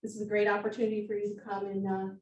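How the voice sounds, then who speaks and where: A woman's voice: mid-range voice, monotone, rapid-fire, darkish tone, lo-fi sound. A woman co-presenting at an office team meeting, friendly and encouraging. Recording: roomy, distant mic, faint noise.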